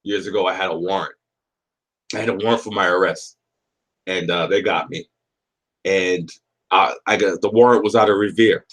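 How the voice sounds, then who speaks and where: A man's voice: deep voice, fairly even intonation, normal speed, pauses often, a bit bright. A man from the area, hosting a casual livestream chat, rambling, cursing and reading out chat comments. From Boston area. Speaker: livestream host.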